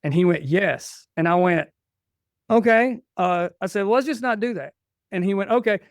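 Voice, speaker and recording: Fairly quick and high-pitched, this podcast guest is a man in his forties sharing family anecdotes in a chatty way. He restarts, quotes himself and plays out the back-and-forth of conversations, and the studio recording is clean with no room sound.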